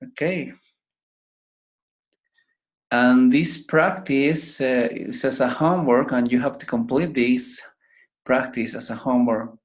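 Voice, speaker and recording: Slow, patient male English teacher. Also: mid-range voice, fairly even intonation. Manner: repeats each word slowly to drill pronunciation. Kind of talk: pronunciation lesson.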